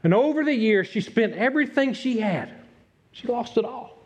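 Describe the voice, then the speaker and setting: A middle-aged man preaching a sermon as pastor, earnest, dropping to a hush and rising again. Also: extremely high pitch, expressive, moderate pace. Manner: earnest, swings from loud to hushed. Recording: dull lo-fi sound.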